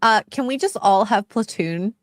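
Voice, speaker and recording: A woman's voice: medium pitch, animated, moderate pace, no room sound. A woman hosts a casual livestream, reading out viewer comments and bantering in a teasing, giggly way. Her voice comes through dry and close, with no room sound. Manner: laughs often, casual and teasing.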